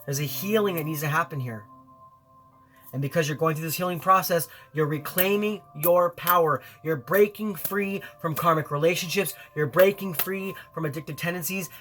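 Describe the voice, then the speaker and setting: A man's voice: a little high, fairly bright tone. A man giving a weekly tarot reading to camera in an earnest, encouraging way, often repeating phrases for emphasis. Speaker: tarot reader.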